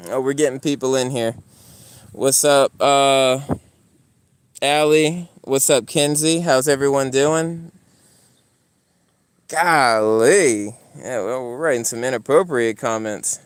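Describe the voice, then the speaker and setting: Young male streamer, casual outdoor live chat, animated storyteller. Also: a little slow, clean tone, no room sound. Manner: animated storyteller, voice climbing high when retelling arguments. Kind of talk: casual livestream chat while walking a dog. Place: outdoors in a yard.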